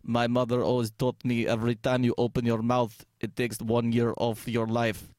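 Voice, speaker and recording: A man putting on a gloomy, deadpan male Russian comedian who trades in fatalistic one-liners. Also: mid-range voice, normal speed, no echo, pitched below the performer's own voice, close to an everyday voice.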